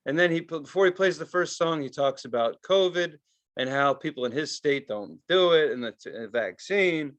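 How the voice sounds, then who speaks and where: A man with a fairly high voice rants through a story in loose, everyday chat. He swears constantly and sounds fed up. His delivery is that of a podcast co-host venting to a friend. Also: animated, normal speed, fairly bright tone, highs cut off. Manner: profane, exasperated storytelling. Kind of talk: casual ranting chat.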